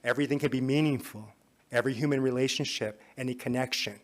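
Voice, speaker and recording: Hombre que cuenta una historia en tono de confidencia. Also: male voice, medium pitch, fairly even intonation, fast. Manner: conversational, often drops to a soft confiding tone. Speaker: conference speaker. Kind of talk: personal story in a talk. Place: conference hall.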